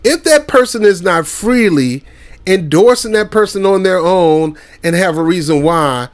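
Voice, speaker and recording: A man with a high, expressive, slightly slow voice hosts his own commentary channel. He rants in a heated, slangy style, mocking his target and breaking into laughing anecdotes.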